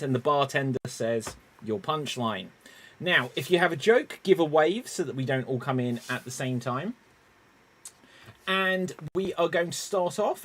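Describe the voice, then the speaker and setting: A man hosts an improv comedy stream, his voice sitting a little high. He is upbeat and brisk, setting up games and calling on players. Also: fairly bright tone. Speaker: improv show host.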